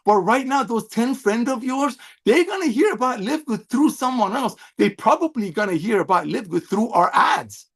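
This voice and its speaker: Effusive high-voiced man on a video call. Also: lively intonation, normal speed, creaky, hardly any pauses, a bit bright. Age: middle-aged. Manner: effusive, emphatic, preacher-like. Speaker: company executive. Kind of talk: motivational sales pep talk.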